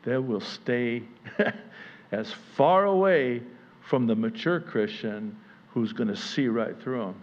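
A man's voice: mid-range voice, expressive, takes it slowly, highs cut off. Impassioned male pastor preaching a sermon. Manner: impassioned, rises to near-yelling then settles conversational. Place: church service.

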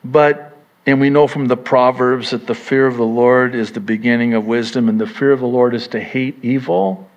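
A man's voice: mid-range voice, moderate pace, lo-fi sound. A man preaching a sermon as pastor, emphatic, with rising bursts of intensity and wry humor.

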